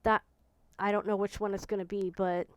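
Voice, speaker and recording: A woman in her forties with a smooth, resonant voice speaks in a personal reflective monologue. She talks softly and searchingly, often stopping to restart a thought. The sound is close and dry, with no room echo. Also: medium pitch, level tone. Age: 40s. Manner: soft, searching, halting speech with frequent restarts. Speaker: vlogger.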